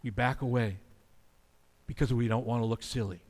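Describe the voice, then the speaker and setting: Earnest preacher in a reverberant hall. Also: male voice, medium pitch, steady tone, normal speed, darkish tone. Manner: conversational, earnest preaching with acted quotes. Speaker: pastor. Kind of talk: sermon.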